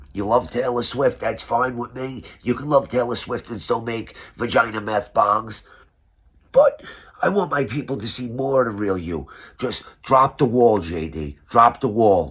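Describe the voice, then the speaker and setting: A man with a New York accent hosts a comedic roast framed as an interview. His voice is slightly husky, and he delivers each question with sarcastic, mock-serious emphasis. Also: lowish voice. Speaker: roast host.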